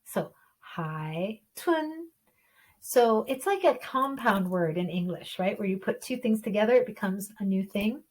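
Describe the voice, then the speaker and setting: A woman's voice: mid-range voice, moderate pace, hardly any pauses, a little mellow, husky, low-quality recording. A woman gives an online Chinese lesson for beginners. She explains patiently and sounds out each syllable so learners can copy her. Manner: patient, explanatory, models tones aloud. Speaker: Chinese teacher.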